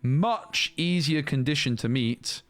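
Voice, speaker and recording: A man giving casual, animated commentary as he reviews trading cards, thinking aloud and restarting sentences as he goes. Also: fairly high pitch, slow, no room sound. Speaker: card game reviewer.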